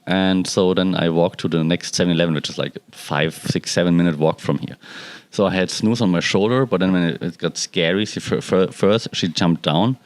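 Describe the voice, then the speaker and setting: A man's voice: low-pitched, dry recording. A man hosting a casual solo podcast from his balcony, rambling and stopping to talk to his cats. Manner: relaxed, rambling, talks to his cats mid-sentence. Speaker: podcast host and cat owner. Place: balcony at home.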